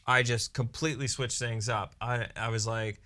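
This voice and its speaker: A man, a wedding DJ and emcee co-hosting a podcast, telling a story in a casual, animated way and peppering it with "you know" and "right". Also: medium pitch, moderate pace. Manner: animated storyteller who briefly acts out his own hype announcements.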